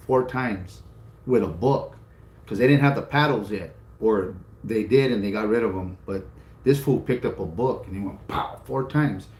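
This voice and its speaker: This co-host has a lowish, slightly mellow voice and tells an animated story during a casual conversation, doing impressions of other people and swearing without restraint. There's faint background noise and a roomy sound.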